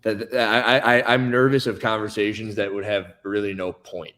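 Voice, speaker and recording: A man's voice: fairly low pitch, level tone, normal speed, fairly bright tone. A man, a podcast guest, telling a story in casual chat and stammering through restarts. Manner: storytelling, acts out other people's voices.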